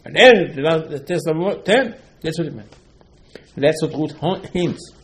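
A man teaching a religious lesson in slightly non-native English, emphatic and repetitive, with sharp swings between loud and quiet. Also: fairly high pitch, animated, measured pace. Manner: emphatic, repeats key points, swings between loud and soft. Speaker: rabbi giving a Torah lesson. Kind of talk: religious lecture.

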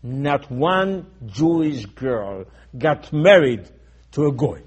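A man preaching a sermon, swinging between loud emphatic bursts and low, quiet asides. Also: animated, slow pace, breathy edge.

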